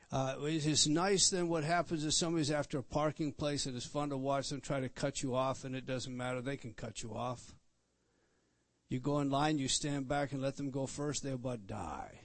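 A man's voice: mid-range voice, steady tone, normal speed, no echo. A man preaching an expository sermon, emphatic, repeating words and turning to the listeners with questions. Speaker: pastor.

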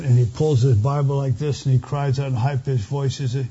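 An older man, a longtime pastor, preaching a sermon earnestly, rising loud on key phrases and dropping quiet again. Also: medium pitch, steady tone, brisk, few pauses, husky, muffled recording.

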